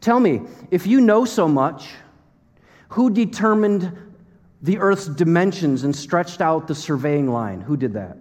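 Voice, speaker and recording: A man's voice: a little high, animated, a little slow, in a large hall. A man voicing God as a mighty male figure who fires sarcastic, challenging questions. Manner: forceful, mocking rhetorical questions.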